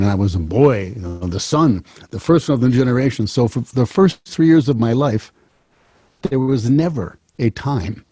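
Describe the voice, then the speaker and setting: A man's voice: mid-range voice, warm tone, no room sound. A man in his seventies, a show host telling a rambling personal story, repeating and restarting phrases as he goes. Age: 70s.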